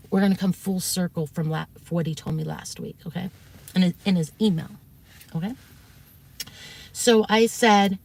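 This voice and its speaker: A woman streamer with a fairly low, gravelly voice tells her chat about an argument in casual storytelling. She's heated and profane, often acting out the quotes.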